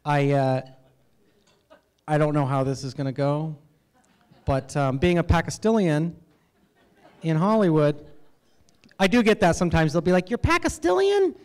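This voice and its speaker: A man from the United States performing an animated, self-deprecating stand-up set at an awards event, with halting fillers. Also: a little high, clear, resonant tone. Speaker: stand-up comedian. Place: event hall with audience laughter.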